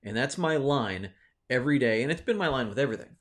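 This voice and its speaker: A man's voice: medium pitch, lively intonation, fast. A man hosting his own video, telling a personal story in a casual, rambling way, with many fillers and restarts, often checking in with "right?". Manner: reflective, encouraging. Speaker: video host.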